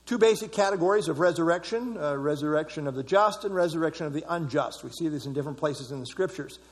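A man's voice: on the high side, expressive, fast, in a large hall. A man leading a Bible study class, explaining scripture verse by verse with emphasis.

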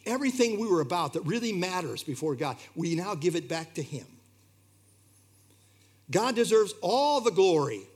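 A man's voice: high-pitched, slightly rough. A man preaching a sermon in an earnest, emphatic way, his delivery rising and falling. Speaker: pastor.

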